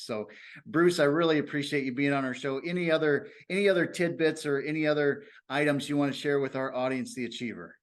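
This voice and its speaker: A man's voice: medium pitch, a little fast. A middle-aged man hosting a podcast, earnestly summing up the interview and repeating key phrases. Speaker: podcast host. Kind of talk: wrapping up an interview.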